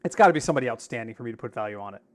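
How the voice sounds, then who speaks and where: A man's voice: medium pitch, animated, rapid-fire. A man co-hosting a podcast in casual chat, telling stories and acting out the lines of the people in them. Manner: storytelling, acts out quoted dialogue. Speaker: podcast co-host.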